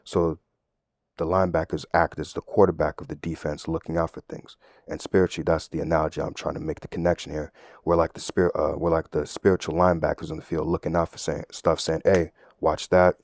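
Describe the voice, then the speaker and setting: A man's voice: a bass voice, little pitch movement, quick pace, a little mellow, no room sound. A man giving a casual, conversational Bible teaching, often checking in with "right?" and using everyday analogies. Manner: conversational, tag questions, sports analogies. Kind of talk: casual sermon.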